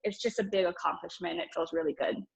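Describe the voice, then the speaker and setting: A woman's voice: on the low side, fast, gravelly, husky, poor audio. A nervous woman sharing earnest motivational advice on a group call, repeating key phrases for emphasis. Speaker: new Pro 6 team member sharing on a call.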